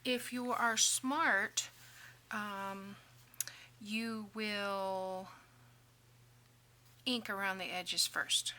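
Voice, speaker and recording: A chatty woman talks through a craft project with a bright, clear voice, joking at her own expense. She often drops to quiet muttering as she works. A faint hum of room noise sits behind her. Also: mid-range voice, fairly even intonation, slow, pauses often. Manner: chatty, self-deprecating, mutters softly while working. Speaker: craft tutorial host. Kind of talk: casual crafting tutorial.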